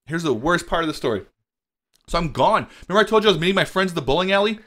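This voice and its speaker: A young man hosting a podcast, telling a story in a rambling, animated way, swearing freely and saying "like" and "dude" constantly. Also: fairly high pitch, racing. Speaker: podcast host. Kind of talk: casual storytelling chat.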